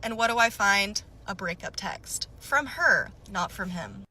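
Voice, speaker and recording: A young woman telling a personal story, animated and acting out both sides of quarrels. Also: medium pitch, unhurried, rough recording. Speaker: storyteller in a played video. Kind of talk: story-time monologue.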